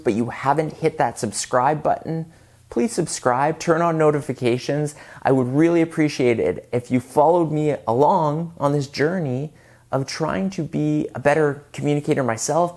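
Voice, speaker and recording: Speaking straight to camera, a man with a medium-pitched voice offers public speaking tips. His delivery is energetic and emphatic, and he shifts his volume for effect.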